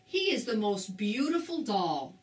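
A woman's voice: mid-range voice, very animated, a little slow. A woman voicing a little boy who has lost his doll, fretful and plaintive, in a storybook reading. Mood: sad. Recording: roomy, distant mic.

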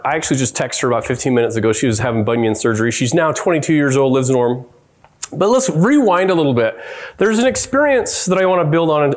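A middle-aged man giving a conference keynote, telling family stories with lively quoted voices. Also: medium pitch. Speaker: keynote speaker. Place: conference hall.

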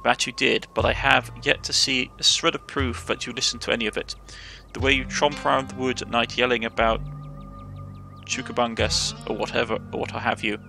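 A man with a Cornish accent voicing a gruff, stubborn old male farmer who speaks in a scolding way. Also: mid-range voice, little pitch movement, brisk, sharp tone, soft background music.

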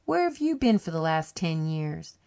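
A woman reading an audiobook, voicing a friendly middle-aged male farmer who talks in a slow rustic drawl. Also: sits low, very animated, gravelly, dark tone, exaggerated voice.

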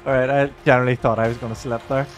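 A man's voice: mid-range voice, flat delivery, fast talker, faint music behind. A man playing a co-op game with a friend, swearing and laughing often. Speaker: gameplay host. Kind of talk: co-op gaming chat.

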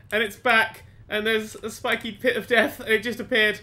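A man's voice: extremely high pitch, steady tone, quick pace, sharp tone. A man giving jumpy, self-talking commentary while playing a game, swearing often. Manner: jumpy, swearing, talks to himself. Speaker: gaming channel host. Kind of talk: let's play commentary.

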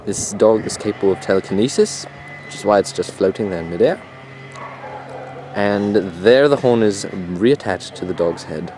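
Low-voiced man doing a mock nature documentary. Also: a little mellow. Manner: mock-serious, crude and rambling. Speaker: narrator and camera operator. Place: outdoors in a neighborhood. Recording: outdoor camcorder audio with clear background noise.

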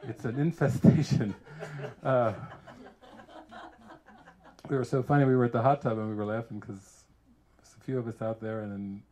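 A man, a spiritual teacher, giving a casual talk full of animated stories and frequent laughter. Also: mid-range voice, normal speed, pauses often. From United States. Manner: animated storyteller who laughs often.

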